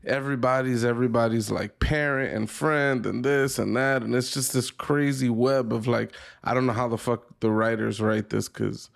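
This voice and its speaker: Podcast co-host, male, gravelly voice, rambling and profane. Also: mid-range voice, fairly even intonation, moderate pace, hardly any pauses. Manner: rambling, profane, laughs a lot. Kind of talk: casual chat.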